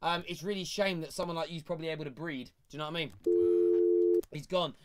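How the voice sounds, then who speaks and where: A man's voice: fairly high pitch, heavy background noise. A man hosting a live football fan phone-in show, joking and mocking a troll caller. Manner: lively, quick to mock callers. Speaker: host.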